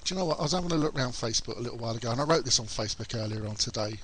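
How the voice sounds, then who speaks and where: A man's voice: medium pitch, racing, fairly bright tone, a little hiss or hum, low-quality recording. A man hosting an internet radio show, chatting casually, swearing and mimicking other people. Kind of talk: casual on-air banter. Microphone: studio mic, co-host over a call.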